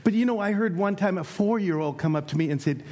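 A man co-leading a family ministry talk, speaking earnestly and a little haltingly. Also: high voice, mellow.

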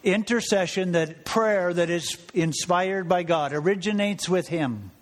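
A male pastor preaching in a relaxed, chatty way, with asides to the congregation. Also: high voice, a little slow. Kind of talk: sermon. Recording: long reverb of a church hall.

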